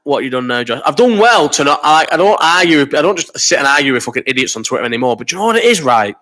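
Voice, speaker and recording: A man's voice: on the high side, big pitch swings, pushed and bright. A man in his thirties hosting a live chat, rambling and swearing while reading out viewer comments, ill with a cough. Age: 30s. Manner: rambling and sweary, quick banter. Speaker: host of a live chat stream.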